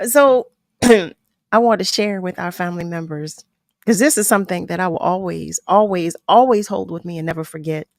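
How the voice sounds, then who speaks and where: A woman's voice: fairly low pitch, moderate pace, no room sound. Chatty woman radio host telling stories. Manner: animated, warm storytelling with laughs and acted-out quotes. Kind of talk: casual radio interview.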